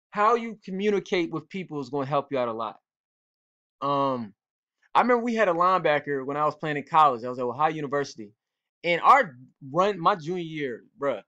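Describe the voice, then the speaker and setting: A football coach speaks straight to young players in a casual teaching talk, hammering his points home with repetition. His voice sits a bit high for a man. The audio is dull and lo-fi. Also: bright, forceful tone. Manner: direct, repetitive, coach-like urging. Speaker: football coach and cornerback trainer.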